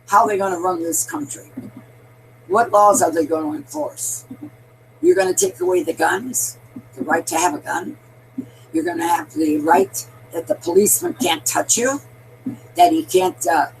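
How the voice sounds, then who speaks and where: A woman's voice: medium pitch, fairly bright tone, slight background noise, rough recording. An older woman giving a rambling, emphatic political monologue, addressing listeners as her darlings. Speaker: political commentator.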